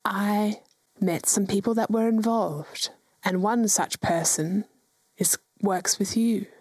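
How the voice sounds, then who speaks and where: A woman's voice: medium pitch, slow, a little mellow, no room sound. A woman playing a sly young orphan heroine who bargains for favours. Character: scheming young female orphan hero.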